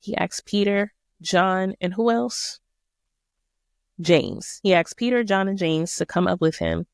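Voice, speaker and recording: A woman's voice: medium pitch, unhurried, creaky, clean tone, no echo, clean studio sound. A woman hosting a podcast, walking listeners through a Bible passage in a casual, slangy, emphatic way. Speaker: podcast host. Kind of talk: casual Bible study talk.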